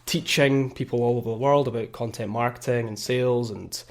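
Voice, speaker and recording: A man's voice: mid-range voice, brisk. Chatty Scottish man, podcast guest. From Scotland. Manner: relaxed, chatty, many fillers and restarts, laughs easily. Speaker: guest, content marketing teacher. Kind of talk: casual podcast interview.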